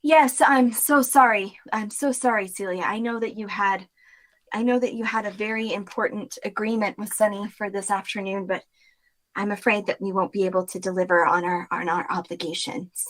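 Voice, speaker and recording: A woman voicing a tired, meek young shopkeeper who speaks softly and hesitantly. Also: medium pitch, steady tone, normal speed, lightly acted. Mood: weary apologetic. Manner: soft, hesitant, apologetic.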